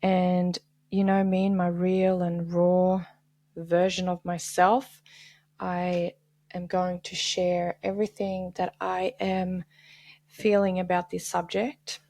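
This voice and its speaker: A woman's voice: on the low side, monotone, takes it slowly, dark tone, dry recording. A woman hosting a podcast, talking earnestly and confessionally on her own, sometimes dropping to a whisper. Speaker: podcast host. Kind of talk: candid solo podcast monologue.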